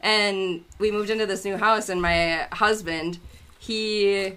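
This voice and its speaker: A woman in her thirties telling a story in casual chat, animated and laughing, acting out the voices of the people she quotes. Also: mid-range voice, takes it slowly, clean tone. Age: 30s. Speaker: podcast guest.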